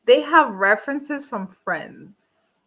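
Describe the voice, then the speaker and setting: A woman hosts a live reality show review, giving blunt, casual commentary as a reaction host and repeating the same rhetorical questions over and over. Her voice is fairly high, bright, and animated, with a forceful tone and a slow pace.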